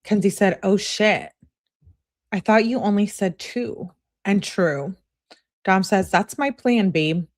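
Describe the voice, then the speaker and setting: A woman reads text messages aloud at an unhurried, drawn-out pace. She adds sassy asides between the messages, laughs and talks back to what she reads. Her voice sits at an everyday middle pitch. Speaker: host reading text messages. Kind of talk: casual commentary reading texts aloud.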